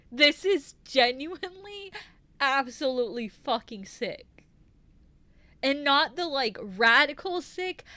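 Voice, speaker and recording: A woman streamer reacting live to a game, swearing and exclaiming loudly. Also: high-pitched, dry recording.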